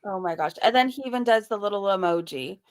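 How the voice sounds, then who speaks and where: A woman's voice: mid-range voice, lively intonation, fast talker. A woman hosting a casual reaction commentary, making amused and incredulous asides. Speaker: commentary channel host.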